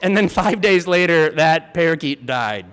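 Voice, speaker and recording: A high-voiced man in his thirties telling a story live on stage, rambling and animated, peppering his talk with "like" and "you know." His voice rings in a large reverberant hall, with a faint hum of room sound behind it. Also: normal speed. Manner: chatty, full of "like" and "you know", acts out siblings with shouts. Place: theater stage before an audience.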